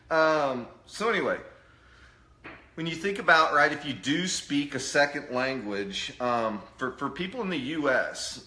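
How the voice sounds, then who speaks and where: Male presenter, low voice with a bright edge; chatty, jokey live-stream teaching style. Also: echoey room. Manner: jokey, peppers points with "right?". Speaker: presenter of a live online talk. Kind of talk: casual live-stream lecture.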